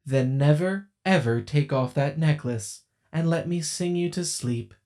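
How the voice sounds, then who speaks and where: A man voicing a female doll robot in an audiobook, speaking slowly in a tinny, kind-sounding way that hides something sinister. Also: fairly high pitch, a little mellow, smooth. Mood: sweetly coaxing. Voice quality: metallic, kind-sounding, slow and deliberate.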